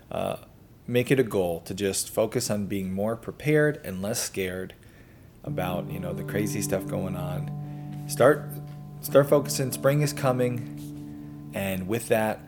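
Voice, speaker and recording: Relaxed chatty homesteading host, lowish voice. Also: male voice. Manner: relaxed, chatty, self-deprecating. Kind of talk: casual talk to camera.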